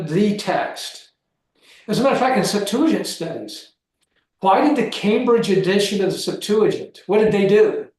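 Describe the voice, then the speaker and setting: Male guest lecturer, high voice, emphatic and animated, heavy room echo. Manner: emphatic, animated, with frequent restarts. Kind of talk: seminar lecture and closing remarks. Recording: very echoey room.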